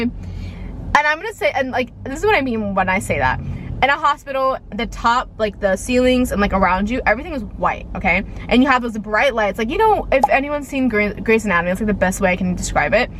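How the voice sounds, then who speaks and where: A young woman vlogger with a slightly high, somewhat bright voice tells a rambling storytime. She's chatty and leans hard on "like" and "okay," and there's a little background noise.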